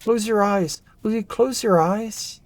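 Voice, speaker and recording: A performer reading a narrative game aloud, voicing an excitable former research assistant who rambles and restarts mid-thought. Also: medium pitch, slow pace, dry recording. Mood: animated. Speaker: game character voice.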